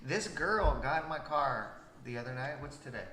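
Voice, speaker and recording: A man's voice: fairly high pitch, expressive, moderate pace, pushed and bright. A young man from Washington state hosting a podcast, talking in a casual, profane, teasing way. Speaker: podcast host. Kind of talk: casual chat. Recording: echoey room with faint noise.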